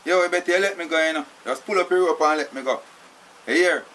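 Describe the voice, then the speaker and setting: A man's voice: fairly high pitch, fast talker, a bit bright, a little hiss or hum, close to an everyday voice. An actor with a Jamaican accent playing a tied-up young man who insistently demands to be let go, tagging "you know" onto his lines. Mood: mocking. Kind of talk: acted film drama.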